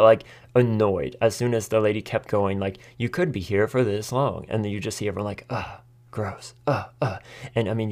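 An American man hosting his own podcast, telling a story in a chatty, casual way, laughing often and acting out what people said. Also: on the low side. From United States. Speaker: podcast host.

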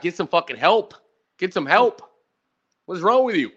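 A man's voice: sits high, very animated, normal speed, a bit bright, slightly rough. A man in his thirties hosting a casual podcast chat, ranting and swearing while talking straight to the audience. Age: 30s. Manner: profane, ranting, talks to the audience. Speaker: podcast host. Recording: dull lo-fi audio.

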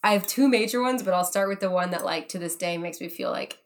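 A young American woman, an actor, telling a story in casual chat, animated and laughing often as she acts out quotes. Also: on the low side, fast talker. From United States. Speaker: podcast guest, actor.

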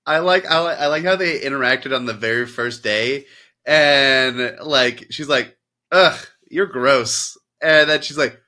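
A young man co-hosting a casual anime talk, joking and animated. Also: medium pitch, unhurried. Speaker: podcast co-host.

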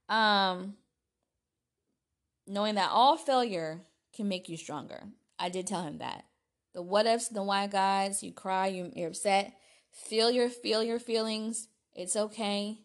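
A woman talks through her solo podcast at an unhurried, measured pace. Her pitch sits in a middle register. She is chatty and self-deprecating, often restarting her sentences. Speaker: podcast host. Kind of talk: casual solo podcast talk.

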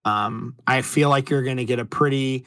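American man, podcast host, mid-pitched, measured and reflective, dry close sound. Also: steady tone, fairly bright tone, no room sound. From United States. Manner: reflective, measured, with filler ums. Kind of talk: casual podcast chat.

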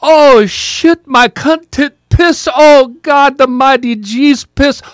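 A man putting on a furious foreign man shouting curses while in pain. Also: very high voice, slow pace, no echo, studio quality, pitched above the performer's own voice. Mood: pained cursing. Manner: shouting strings of obscenities.

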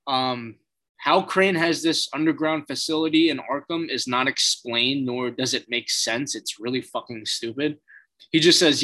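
A man's voice: medium pitch, normal speed, sharp tone. A man recapping a TV episode in a casual, blunt way, swearing and using plenty of fillers. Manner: blunt, profane, frequent fillers.

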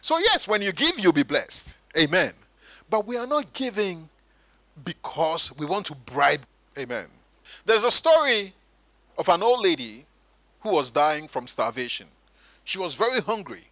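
A man preaching a sermon, animated and sometimes mimicking churchgoers in higher voices. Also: unhurried, dry recording, low-quality recording.

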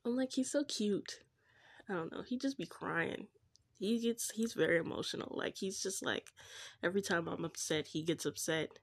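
A woman's voice: fairly low pitch, moderate pace, vocal fry. A young woman vlogging in a casual, confessional way, gushing and giggly, with a slangy manner. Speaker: faith vlogger.

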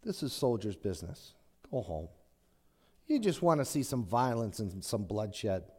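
A man preaching and voicing an older soldier brother who talks down condescendingly in a low, hushed voice. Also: big pitch swings, unhurried.

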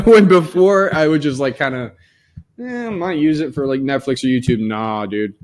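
A man's voice: fairly high pitch, animated, moderate pace. A man co-hosting a podcast, chatting casually with a loose, profane, laid-back way of talking. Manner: laid-back, profane, says "dude" constantly. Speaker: podcast co-host. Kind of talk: casual chat. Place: Dallas area.

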